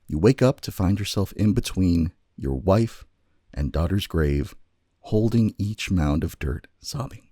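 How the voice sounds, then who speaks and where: Brief: deep husky male podcast host, lively storyteller delivery, dry close sound. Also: no room sound. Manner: low gravelly voice, slow dramatic storytelling. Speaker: podcast co-host telling a choose-your-own-adventure story. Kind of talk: casual chat and dramatic story narration.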